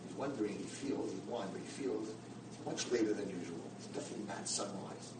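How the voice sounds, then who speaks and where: A man giving a sermon-style lecture, telling a story in an animated, emphatic way. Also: on the low side, fairly quick. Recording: roomy, far from mic, background noise.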